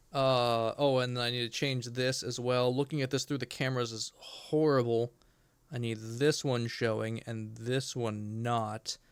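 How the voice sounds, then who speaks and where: A man streaming a game, talking in an excitable, rambling and jokey way to his chat. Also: mid-range voice, clear, resonant tone, dry recording. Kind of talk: gaming livestream chat.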